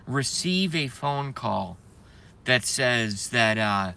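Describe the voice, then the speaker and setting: A man's voice: mid-range voice, animated, slow pace, gravelly, pushed and bright. A man hosting a live stream, ranting heatedly and emphatically and repeating his phrases for effect. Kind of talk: impassioned live-stream rant.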